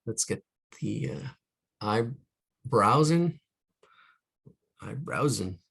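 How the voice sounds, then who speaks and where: A man's voice: mid-range voice, lively intonation, extremely slow, vocal fry, pauses often, fairly bright tone, breathy edge. A man teaching caricature drawing live, talking through each stroke, counting aloud and trailing off into muttered asides. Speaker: art instructor.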